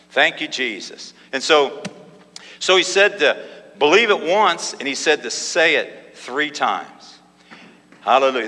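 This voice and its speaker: A man's voice: medium pitch, lively intonation, a little slow, sharp tone, big-room sound. A man preaching a sermon in an emphatic call-and-response style, with frequent repeated exclamations.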